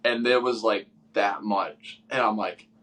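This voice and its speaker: A man's voice: fairly low pitch, fairly even intonation, unhurried, fairly bright tone. A man in his twenties co-hosting a podcast, chatting casually and rambling through stories while acting out what people said. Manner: rambling storyteller, acts out his own quoted lines. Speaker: podcast co-host. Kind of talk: casual chat.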